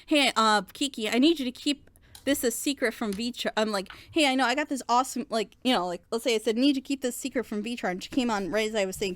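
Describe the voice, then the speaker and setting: Woman, casual co-host, animated ranter, fairly high voice. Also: a little fast, no room sound. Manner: animated, ranting, acts out quoted lines. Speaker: reaction video co-host. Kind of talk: casual group chat reacting to a show.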